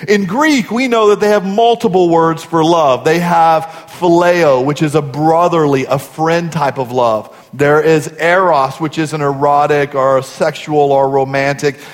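A man's voice: on the high side, measured pace, hardly any pauses. A man in his forties, a pastor giving a sermon in an earnest, conversational storytelling way. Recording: long hall reverb.

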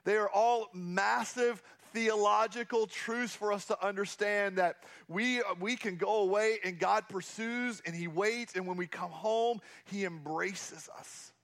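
A man's voice: high voice, unhurried, gravelly, few pauses, a bit bright. A man preaching a sermon as a pastor, earnest and repeating key phrases for emphasis.

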